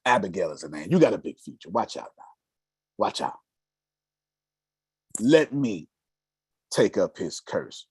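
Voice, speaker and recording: Brief: man playing a calm wise wife, soft and low, husky, dry sound. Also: measured pace, long pauses, no echo, full character voice. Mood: pleading.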